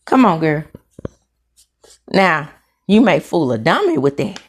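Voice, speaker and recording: A woman's voice: low voice, big pitch swings, unhurried. A middle-aged woman hosting a casual celebrity gossip commentary, sassy and emphatic, full of slang asides. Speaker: host of a celebrity gossip show.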